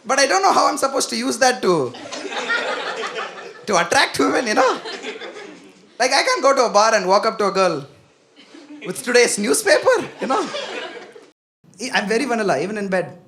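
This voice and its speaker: A young man delivering a stand-up set with a gravelly edge and a lively, swooping delivery. He is animated and self-deprecating. The live club recording carries clear background noise. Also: extremely high pitch, normal speed, pauses often. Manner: animated, self-deprecating, acts out quoted voices. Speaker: stand-up comedian. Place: comedy club stage.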